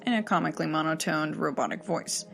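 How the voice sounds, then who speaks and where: A woman reading a horror story aloud in a steady, measured storytelling manner. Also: low voice, vocal fry, faint music behind. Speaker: story narrator.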